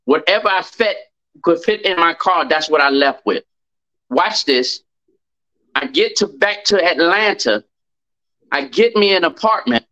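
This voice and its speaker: A middle-aged man with a drawl tells a personal story as a podcast guest. His voice sits a bit high and rings bright and forceful. He leans on key phrases and repeats them for weight. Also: animated, measured pace, pauses often, muffled recording.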